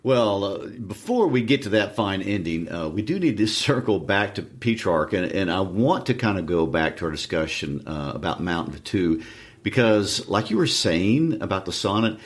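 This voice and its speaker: A man's voice: low voice, big pitch swings, moderate pace. A middle-aged man co-hosting a literature podcast, with a dry, teasing sense of humor. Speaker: podcast co-host. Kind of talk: casual literature discussion.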